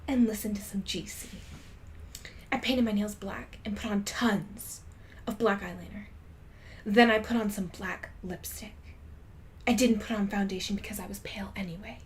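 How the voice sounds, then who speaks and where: A young woman streamer reading a story aloud in a soft, half-whispered voice, with loud outbursts of commentary. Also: medium pitch, steady tone, moderate pace, a little hiss or hum.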